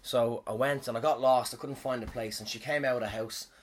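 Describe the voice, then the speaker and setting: A man's voice: medium pitch, fairly even intonation, brisk, a little hiss or hum. A man who performs comedy, telling a rambling story in a casual way. He swears a lot and often trails off and restarts. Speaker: comedian and podcast host.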